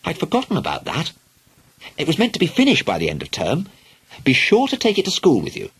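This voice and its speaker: Man doing a bossy mother, sharp and sarcastic, raised voice, husky edge. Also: a little high, wildly swooping pitch, brisk, voice pushed up, exaggerated voice. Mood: brisk, scolding.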